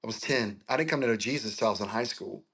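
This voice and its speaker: A man's voice: on the low side, fast, gravelly, a bit bright, slightly rough. A man in his forties from Florida, a pastor telling his life story as an interview guest, earnest and emotional, speaking over a video call. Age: 40s.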